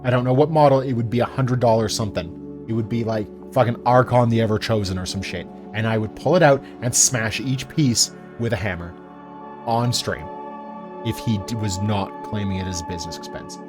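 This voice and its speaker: A man chatting casually on a live stream while he builds and paints miniatures, telling stories in a profane, animated way. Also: fairly low pitch, fairly quick, over music.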